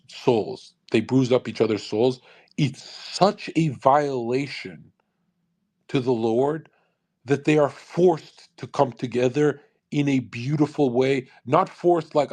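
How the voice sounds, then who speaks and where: A man's voice: medium pitch, darkish tone. A young man ranting on a live stream, blunt and intense, swearing freely and acting out other people's voices, into a studio condenser microphone. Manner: acts out quoted people in changed voices. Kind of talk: live commentary rant. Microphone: USB condenser studio mic.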